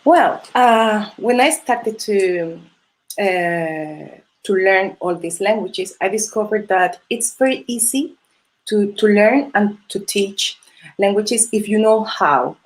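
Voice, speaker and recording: Spanish woman, non-native English speaker, hesitant and friendly, lots of fillers and laughs, mid-pitched; casual live interview. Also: slow pace. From Spain. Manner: hesitant, many fillers and restarts, frequent laughs. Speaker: Spanish teacher and holiday host. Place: video call or live stream.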